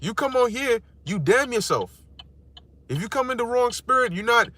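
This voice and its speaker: A man's voice: very high-pitched, animated, normal speed, bright, forceful tone, no room sound. A man teaching scripture in a casual, slangy and blunt way, often checking in with his listeners. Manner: slangy, streetwise, blunt with occasional cursing. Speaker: preacher.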